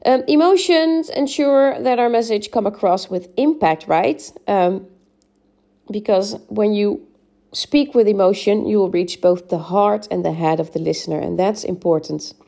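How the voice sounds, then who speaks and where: On her solo podcast, an English speaking coach gives encouraging advice on speaking, sprinkling in frequent "um"s and "right?" checks. She has a mid-range, gravelly voice with a dark tone and an unhurried pace.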